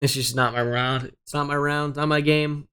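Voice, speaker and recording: A man's voice: a little high, flat delivery, normal speed, sharp tone, clear, resonant tone. A young man giving casual running commentary while playing a geography guessing game, muttering his guesses and cursing his luck with self-deprecating, exasperated remarks. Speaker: gaming streamer.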